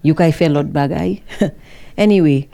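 A Saint Lucian woman hosts a call-in radio show with a low, mellow voice. She reads out listener messages in an animated, teasing manner and laughs often. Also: normal speed, vocal fry. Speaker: radio talk show host.

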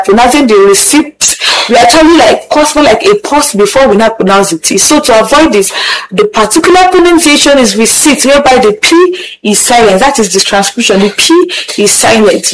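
A woman hosting a radio English lesson, repeating words slowly and carefully. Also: fairly high pitch, poor audio. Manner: slow, careful repetition of words, instructive. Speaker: radio host teaching English.

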